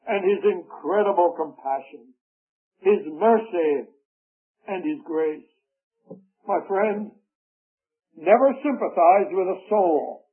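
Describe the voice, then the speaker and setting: A high-pitched man delivers a fervent sermon at an unhurried pace, leaning hard on drawn-out words. The sound is thin and boxy, like an old radio broadcast. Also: narrow, tinny audio. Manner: slow, fervent preaching with drawn-out emphatic words. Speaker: preacher.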